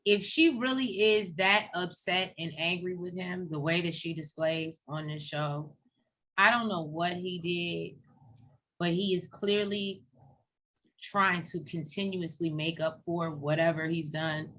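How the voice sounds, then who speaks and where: A woman's voice: fairly low pitch, measured pace, a little hiss or hum. A woman co-hosting a casual TV recap, retelling scenes in a chatty way and acting out the people in them. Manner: chatty, animated retelling with quoted voices. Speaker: co-host of a TV recap show.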